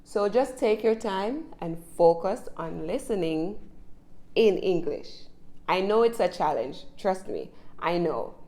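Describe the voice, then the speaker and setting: A woman with a Jamaican accent gives a casual spoken English lesson, chatty and encouraging, often checking in with the listener through tag questions. Her voice is warm and medium-pitched, with lively intonation and a slow pace.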